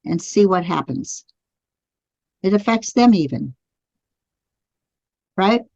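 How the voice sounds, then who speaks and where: A woman's voice: lowish voice, lively intonation, takes it slowly, creaky, a little mellow, no room sound, muffled recording. A woman teaching a live online class, guiding listeners through spoken affirmations. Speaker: energy healing teacher. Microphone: computer mic on a live video stream.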